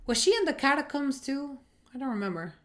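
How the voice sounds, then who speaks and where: A woman casually reviewing TV episodes in a chatty, expressive, rambling way, swearing freely and thinking out loud. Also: high-pitched, a little fast. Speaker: TV series reviewer. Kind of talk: casual spoken review vlog.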